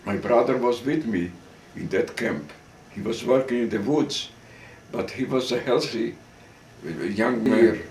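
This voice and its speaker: An older man giving oral history testimony as a survivor, telling his story slowly and haltingly with restarts and occasional coughs. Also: medium pitch, a little mellow, far from the mic, a little hiss or hum. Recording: roomy sound, speaker off-mic.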